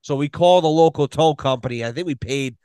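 A man telling a long story on a podcast, animated and full of swearing. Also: a little high, quick pace, clean tone, dry recording. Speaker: podcast guest. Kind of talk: casual storytelling.

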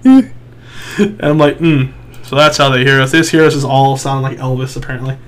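A man's voice: mid-range voice, a little fast, slight background noise. A young man chatting casually, laughing often, swearing, and acting out the people in his stories. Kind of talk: casual chat.

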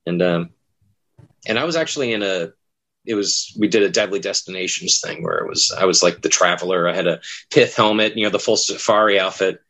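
Low-voiced man telling haunt stories. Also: fairly quick, fairly bright tone. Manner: rambling storyteller, acts out quoted lines. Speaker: haunted attraction actor. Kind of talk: casual podcast chat.

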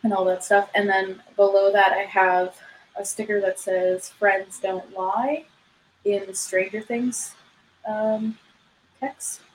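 A woman chatting casually on a podcast, relaxed and easygoing. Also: mid-range voice, slow pace, slight background noise, rough recording. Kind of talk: casual chat.

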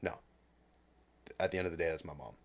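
Late-20s man, very deep voice, podcast guest; candid, profane, emotional storytelling that dips to near whispers. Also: quick pace. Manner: emotional, heavy swearing, drops to near whisper at low points.

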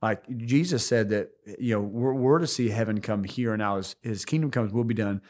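A man co-hosting a casual faith podcast, talking in a halting way with many restarts and fillers, teasing now and then. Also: fairly low pitch, darkish tone. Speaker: podcast co-host.

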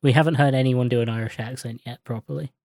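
A woman's voice: very deep voice, fast, over a noisy crowd. A woman co-hosting a casual film chat, joking dryly and laughing often. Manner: sardonic, deadpan jokes, laughs often. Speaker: podcast co-host.

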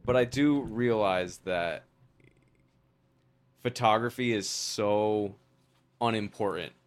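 A middle-aged man with a New York accent, a wedding photographer telling stories as a podcast guest, animated, with frequent laughs. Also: fairly low pitch, slow. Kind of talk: casual chat.

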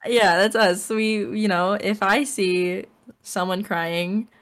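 A woman's voice: medium pitch, fairly even intonation, takes it slowly, a bit bright. A young woman co-hosting a podcast, chatting casually and rambling with lots of fillers and giggles. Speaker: podcast co-host. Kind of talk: casual chat.

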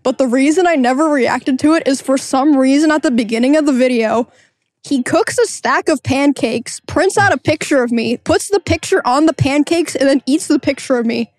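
A woman's voice: high voice, moderate pace, no room sound. A woman chatting casually on a podcast, hesitant with many fillers.

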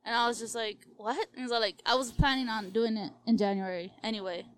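A woman's voice: fairly high pitch, steady tone, fast, rough recording. A young woman in her twenties on a casual podcast, telling a breakup story with lots of quoted back-and-forth and "like". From Latina, US.

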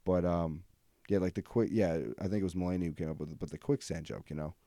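A man's voice: sits low, steady tone, fast talker, warm tone, no room sound, clean studio sound. A young man hosting a comedy podcast, rambling through stories with frequent restarts and casual swearing. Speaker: podcast host.

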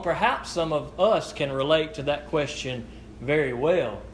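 A man preaching a sermon in an earnest, halting way, often breaking off and restarting mid-sentence. His voice sits a little high for a man. A faint hiss of room noise runs underneath. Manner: slow, deliberate scripture reading. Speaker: pastor. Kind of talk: sermon with prayer and scripture reading.

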